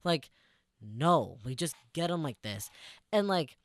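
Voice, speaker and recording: A man's voice: a little high, sing-song, slow, no echo. Sarcastic, profane young man telling a story. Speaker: podcast co-host. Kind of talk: casual podcast storytelling.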